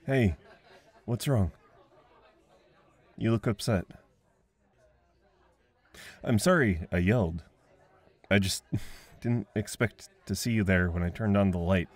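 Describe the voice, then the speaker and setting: A man voicing a friendly young man at a party, talking gently and coaxingly with frequent chuckles, in an audio role-play. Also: lowish voice, takes it slowly, pauses often, a faint crowd. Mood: gentle, teasing.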